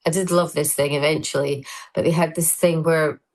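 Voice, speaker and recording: Woman, middle-aged, low-ish voice, rambling, self-deprecating, casual chat. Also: steady tone, normal speed, low-quality recording. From Scotland. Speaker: comedian guest.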